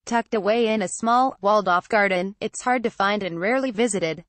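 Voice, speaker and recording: A news reader narrates a feature article in an even, measured way, voicing quoted remarks just like the rest. Her pitch is ordinary mid-range, and the close, dry recording has no room sound or echo.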